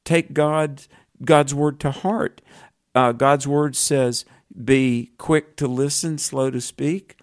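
A man's voice: medium pitch, steady tone, slow, no room sound, studio quality. A man co-hosting a conversational Bible teaching, earnest and reflective, quoting scripture as he talks. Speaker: co-host.

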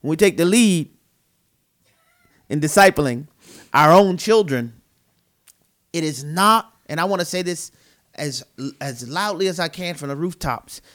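A man's voice: a little high, animated, unhurried, pauses often, fairly bright tone. A man co-hosting a Christian talk show, speaking in an earnest, emphatic, preacherly way. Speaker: co-host. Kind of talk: Christian podcast conversation, preaching manner.

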